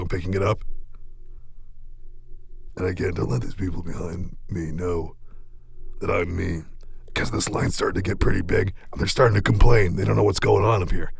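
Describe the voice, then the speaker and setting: A man voicing a gruff, slow-witted metal singer in a cartoon, with a deep gravelly growl and a flat, mumbled, grumpy delivery. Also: a little hiss or hum. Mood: grumbling. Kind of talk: cartoon voice acting.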